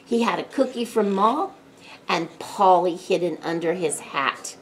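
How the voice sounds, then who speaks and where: A woman librarian reading a picture book aloud at storytime, playful and animated, putting on voices for the characters. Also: lowish voice, a little slow. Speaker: children's librarian.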